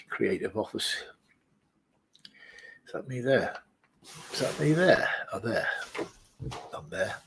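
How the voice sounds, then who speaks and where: A man's voice: medium pitch, vocal fry, a little mellow, slight background noise, poor audio. A man at his office desk, chatting casually to camera in a jokey, rambling way with muttered asides. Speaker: vlogger.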